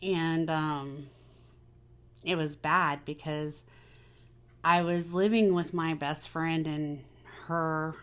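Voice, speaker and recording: A woman's voice: sits low, steady tone, slow, pauses often, clean tone. A woman hosting a casual personal chat, talking candidly and confidingly with many fillers. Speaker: vlog host.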